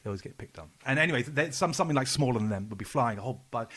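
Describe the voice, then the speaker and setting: Speaking very fast in an animated, mid-range voice with a bit of brightness, a man co-hosts a casual podcast. His stories ramble on at length, full of false starts and cursing.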